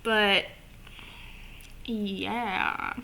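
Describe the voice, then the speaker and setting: A woman vlogger chatting casually to camera, animated and swearing, with lots of "like" fillers. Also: medium pitch, extremely slow, gravelly, a little hiss or hum.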